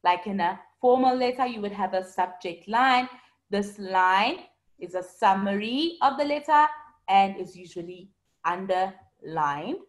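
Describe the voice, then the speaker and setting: A woman's voice: mid-range voice, lively intonation, measured pace. Patient woman teaching an online class. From South Africa. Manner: patient, explaining, answers students by name. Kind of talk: online lesson reading student comments.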